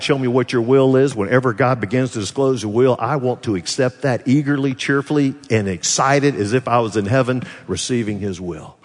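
An earnest man delivers a sermon in a speaking voice of middle pitch. He asks the congregation questions and slows down to linger over lines of scripture. His voice carries the long reverb of a large hall. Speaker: pastor.

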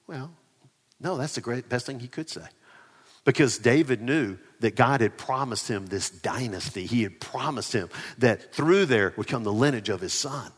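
A male pastor preaching with lively swings from loud, emphatic lines to hushed asides. His voice has a mid-range pitch, and it rings with the long echo of a church hall. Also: moderate pace, husky. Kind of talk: sermon. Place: church near ball fields and a parking lot.

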